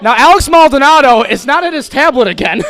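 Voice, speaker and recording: High-voiced man hosting a live draft. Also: expressive, brisk. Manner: playful, ribbing participants. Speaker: host of a live fantasy football draft. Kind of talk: live event hosting, teasing banter. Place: large indoor hall with crowd. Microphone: wired handheld mic. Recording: echoey hall with loud crowd.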